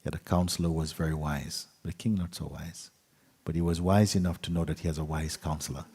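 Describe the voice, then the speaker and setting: A man, a spiritual teacher, telling a story gently at a retreat, with soft, trailing endings. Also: a bass voice, fairly even intonation, brisk, slightly rough, long reverb tail. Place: retreat hall.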